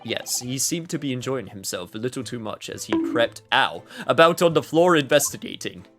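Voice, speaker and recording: A man reading detective-game dialogue aloud and voicing its polite, calm characters in a soft, measured, formal way. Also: medium pitch, heavy background noise, lightly acted.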